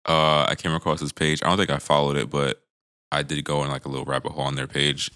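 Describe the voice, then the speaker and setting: A man guesting on a podcast, chatting in an easygoing, relaxed way. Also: extremely low pitch, fast, clean tone. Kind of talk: casual chat.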